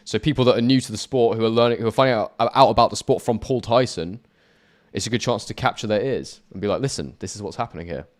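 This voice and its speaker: A man commentating a boxing match live on his channel, chatting with viewers between quick play-by-play calls. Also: lowish voice. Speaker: boxing YouTuber commentating a fight. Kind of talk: live watch-along commentary.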